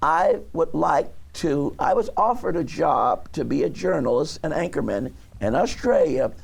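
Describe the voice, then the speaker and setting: A man rambles as a talk show guest in a TV studio, stopping and restarting as he hunts for words. His voice is gravelly with fry and sits a bit high for a man. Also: lively intonation. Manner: halting, searching for words, many restarts.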